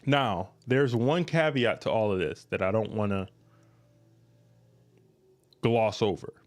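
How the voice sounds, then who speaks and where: A man's voice: on the low side, animated, takes it slowly. A man hosting a podcast, giving blunt, emphatic dating advice straight to listeners and repeating his points. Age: adult, past his youth. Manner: emphatic, repetitive, blunt and frank. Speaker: podcast host. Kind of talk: direct-to-listener advice monologue.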